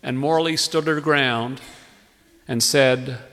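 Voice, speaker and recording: A man's voice: mid-range voice, takes it slowly, a bit bright. A man telling a humorous story on stage with wry, playful emphasis. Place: theatre stage with live audience. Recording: long hall reverb, live stage.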